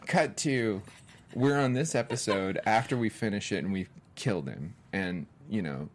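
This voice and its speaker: Animated man telling set stories. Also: on the low side, moderate pace, a little hiss or hum. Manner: animated storyteller, acts out quotes, laughs often. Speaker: guest, director. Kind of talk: casual podcast chat.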